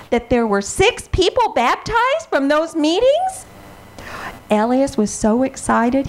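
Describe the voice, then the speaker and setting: A woman with a slightly high voice tells a children's story expressively and dramatically, gasping and pausing for effect.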